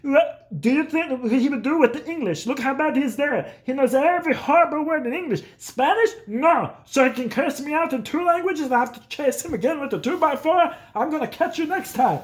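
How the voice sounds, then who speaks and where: A man's voice: very high-pitched, animated, brisk, pitched above the performer's own voice. A man doing his cranky cursing dad. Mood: exasperated. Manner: gruff, scolding, profane. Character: cranky foul-mouthed middle-aged father.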